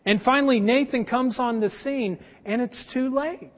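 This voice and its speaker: High-voiced preacher in an echoing hall. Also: male voice, moderate pace. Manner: storytelling, direct address to the congregation. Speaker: pastor. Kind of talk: sermon. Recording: long hall reverb, dull lo-fi sound.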